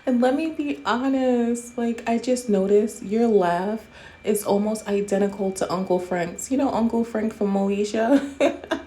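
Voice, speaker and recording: A woman's voice: fairly high pitch, unhurried, warm tone. A woman hosting casual commentary, bluntly roasting someone with a lot of profanity. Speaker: commentary host.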